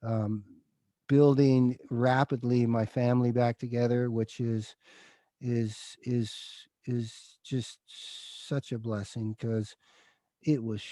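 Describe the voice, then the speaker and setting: A middle-aged man speaks as an interview guest, open and emotional, and he keeps saying dude. His voice is mellow and dark, and the recording is dry and close. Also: mid-range voice, no room sound. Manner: emotional, confessional, says dude often. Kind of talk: candid interview storytelling.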